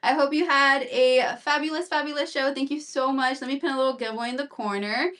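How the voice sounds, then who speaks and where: A slightly breathless woman runs a live shopping stream, rambling through sizes and prices with lots of fillers. Her voice sits a little high and comes from a bit away from the mic. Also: fairly even intonation, a little fast, fairly bright tone, far from the mic. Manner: chatty, rambling, fillers and repeats. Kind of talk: live-stream sales chat.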